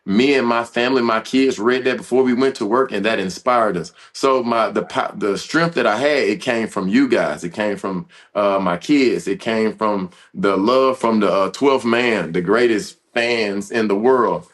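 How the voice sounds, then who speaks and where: Earnest man telling a hard story. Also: on the low side. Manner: halting, earnest, frequent restarts and fillers. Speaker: podcast guest, former football player. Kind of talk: emotional personal storytelling.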